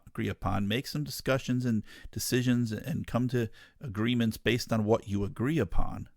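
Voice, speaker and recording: Low gravelly guy preaching hard to his listeners, dead dry room. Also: dry recording. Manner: earnest, emphatic, addresses listeners as folks. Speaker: ministry podcast host. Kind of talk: impassioned monologue.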